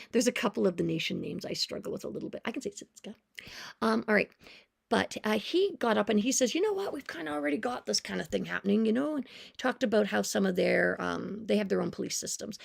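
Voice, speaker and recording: A woman's voice: mid-range voice, gravelly, darkish tone, breathy edge. A woman in her forties, a music teacher, chatting casually and sarcastically about a public meeting she attended, with self-aware asides. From Canada. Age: 40s. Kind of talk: casual commentary on her notes.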